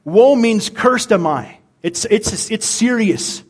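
A man's voice: high voice, animated, takes it slowly, husky. A middle-aged man, a pastor, preaching a conversational sermon and often repeating words as he searches for them.

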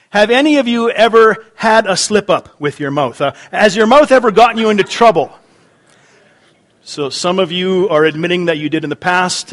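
A pastor with a high, slightly bright voice preaches an interactive sermon in church. He chats with the congregation, repeats their answers aloud and often restarts his sentences.

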